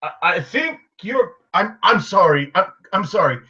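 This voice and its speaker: A man's voice: fairly high pitch, measured pace, sharp tone, breathy edge, full character voice. A man voicing Roland, a shy, hesitant young adventurer who stammers politely. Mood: confused. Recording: dull lo-fi audio.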